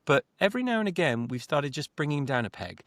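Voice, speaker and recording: A man's voice: on the high side, very animated, fast, a bit bright, dry recording. A man co-hosting a podcast, asking probing questions in casual discussion. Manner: articulate, asks probing questions. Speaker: podcast co-host.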